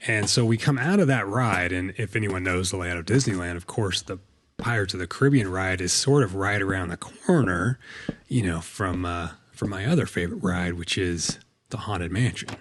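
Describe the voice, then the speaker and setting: Gaming host, middle-aged man, lower register, loose meandering delivery full of fillers. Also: normal speed, slight background noise. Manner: rambling, lots of fillers and restarts. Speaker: Minecraft let's play host. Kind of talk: casual storytelling while gaming.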